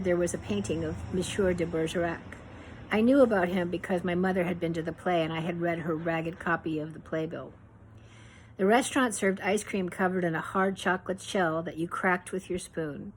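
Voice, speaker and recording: A woman from Pittsburgh reading her memoir aloud in an unhurried, reflective way, now and then correcting herself. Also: lowish voice, a little hiss or hum, rough recording. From Pittsburgh, USA.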